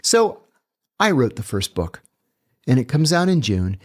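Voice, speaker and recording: Blunt man telling animated stories. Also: medium pitch, measured pace. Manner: animated, blunt, profane storyteller. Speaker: guest, author. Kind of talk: casual storytelling in a podcast chat.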